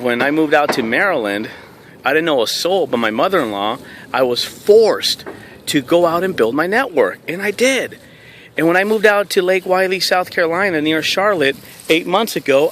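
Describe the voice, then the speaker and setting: Upbeat network marketing guy in his car, bright punchy voice, faint engine hum behind. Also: mid-range voice. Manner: energetic storytelling, slips into quoting himself. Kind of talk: motivational talk to camera.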